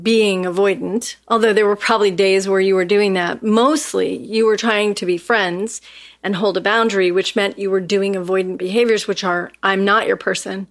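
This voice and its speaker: A woman's voice: mid-range voice, steady tone, moderate pace. A woman co-hosting a relationship podcast, talking in a reflective, casual way with restarts. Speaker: podcast co-host. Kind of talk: casual chat.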